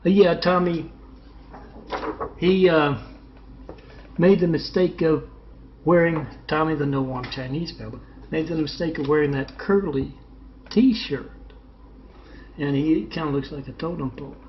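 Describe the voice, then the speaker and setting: A man's voice: a little high, unhurried, long pauses. A man telling absurd comic stories in a rambling way, full of fillers and asides. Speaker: storyteller. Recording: muffled with faint hiss.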